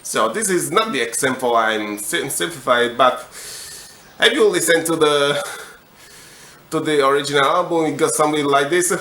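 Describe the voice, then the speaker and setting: A young man hosting a comedic music tutorial, explaining every step in a slow, deadpan way. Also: fairly high pitch.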